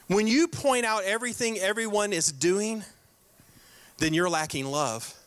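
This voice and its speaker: High, bright-voiced preacher. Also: male voice. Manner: emphatic, repeats key lines, slows to stress scripture; direct, playful jabs at the congregation. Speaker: pastor. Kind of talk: sermon.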